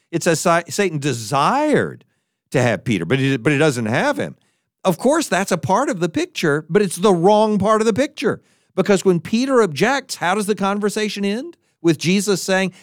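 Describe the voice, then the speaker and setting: A man preaching a sermon, who talks in an animated way and acts out the figures he quotes in different voices. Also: high voice, moderate pace, no echo, clean studio sound.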